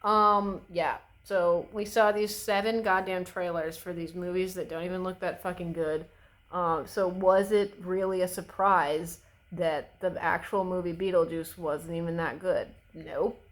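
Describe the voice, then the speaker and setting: A woman's voice: fairly low pitch, steady tone, a little slow, low-quality recording. A young woman vlogging as she does her makeup, casually chatting and giving strong opinions, swearing freely and rambling with fillers. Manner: rambling with many fillers and restarts. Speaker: beauty vlogger. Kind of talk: casual chat while doing makeup.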